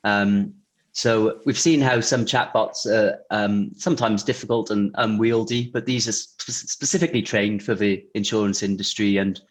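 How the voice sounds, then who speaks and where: A man talking casually as an interview guest, relaxed and chatty, with many fillers and restarts. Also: lowish voice, normal speed. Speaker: guest, insurance technology vendor.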